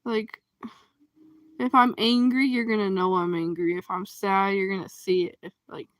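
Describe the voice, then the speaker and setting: A woman hosting a casual livestream chat, reacting to comments, expressive and quick to laugh. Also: mid-range voice, no room sound.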